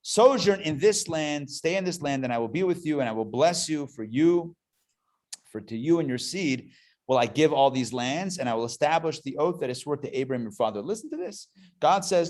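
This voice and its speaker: A man, a rabbi, teaching a live adult class in a playful, animated way, full of jokes and rhetorical questions. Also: on the high side, fairly quick. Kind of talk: live adult education lecture.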